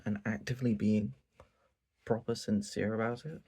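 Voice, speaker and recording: A man's voice: medium pitch, moderate pace, slightly rough. A man ranting casually and profanely about a show late at night. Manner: animated, profane, repetitive ranting. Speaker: anime reviewer.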